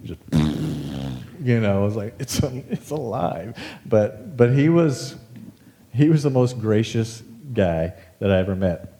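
A man's voice: fairly low pitch, slow pace. Casual, self-mocking male preacher. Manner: conversational, self-deprecating, animated storytelling. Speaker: pastor. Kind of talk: casual sermon.

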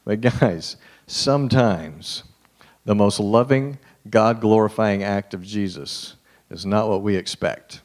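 A man preaching a conversational sermon to a live group. He talks to them directly and informally, and drops to a hushed voice to stress a point. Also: lowish voice, slow.

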